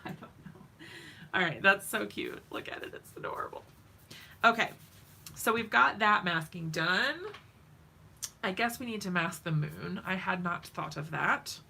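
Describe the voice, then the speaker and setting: A woman's voice: fairly low pitch, measured pace, gravelly, pauses often, sharp tone, slight background noise. A woman hosting a craft live stream, chatting casually and giggling with viewers in the chat while she works at home.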